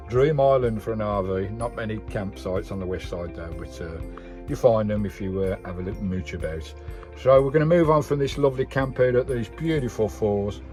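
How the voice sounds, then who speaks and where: A man from the UK talks to his camera outdoors, breathless from climbing, his voice climbing high as he exclaims over and over. Background music plays under his words. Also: a little fast, rough recording. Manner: exclamatory and enthusiastic, lots of "wow"; relaxed, rambling chat with fillers. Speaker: vanlife vlogger. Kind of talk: casual vlog commentary.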